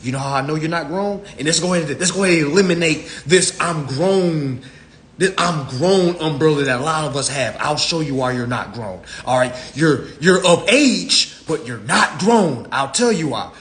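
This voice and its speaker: A man's voice: fairly high pitch, lively intonation, a little fast, few pauses, a bit bright, slight background noise. A man on a live stream, ranting in a blunt, profane, preachy way into his phone. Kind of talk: casual rant.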